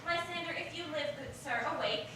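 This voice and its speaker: A wounded, lovesick young woman, played by a woman, who speaks earnest verse in a high voice. It is recorded from far away in a strongly echoing space, with noise underneath. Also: brisk, lightly acted. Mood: plaintive. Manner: earnest verse, rising to indignant outbursts. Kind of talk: stage play acting. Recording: distant echoey stage recording, noisy.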